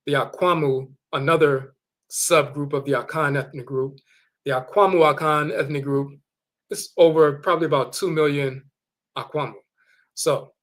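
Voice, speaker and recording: A man giving an explanatory lecture, reading and slowly sounding out dictionary entries, repeating words for emphasis. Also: fairly high pitch, a bit bright. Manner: carefully sounding out foreign words. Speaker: teacher of Akan spiritual tradition.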